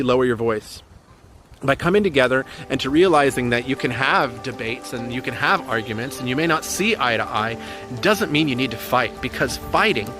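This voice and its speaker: A man giving an earnest, encouraging coaching talk on relationships, repeating his key points as he goes. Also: mid-range voice. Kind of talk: motivational coaching talk to camera.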